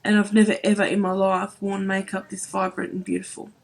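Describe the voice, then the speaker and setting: A woman's voice: medium pitch, monotone, fairly quick, gravelly. Woman, thirties, home beauty vlogger, choked-up and heartfelt, repeats herself. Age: 30s. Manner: emotional, voice wavering near tears; earnest, repeats herself, many "like"s. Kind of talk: emotional vlog to camera.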